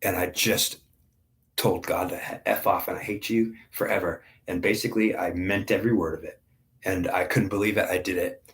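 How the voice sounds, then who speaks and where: A man's voice: deep voice, fairly even intonation, moderate pace. A man in his forties giving an emotional, intense spiritual testimony, blunt and swearing, often restarting his sentences. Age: 40s. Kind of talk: personal spiritual testimony monologue.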